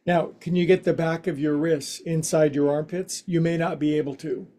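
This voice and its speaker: A man teaching a yoga class, guiding stretches with slow cues and playful, folksy quips. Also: a little high, steady tone, dark tone. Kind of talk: guided yoga class instruction.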